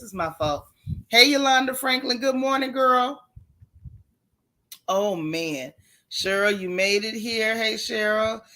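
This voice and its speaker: A woman hosting a casual gossip livestream from home, greeting viewers by name with slang like sis and boo. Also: medium pitch. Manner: chatty, warm Southern slang, calls viewers sis and boo.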